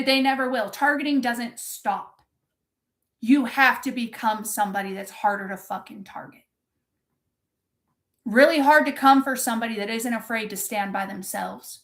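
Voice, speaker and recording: A woman's voice: fairly high pitch, fairly bright tone. A woman coaching her viewers in a live-streamed pep talk, intense and full of swearing, stopping to answer the chat. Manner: intense, profane, impassioned. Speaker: motivational coach.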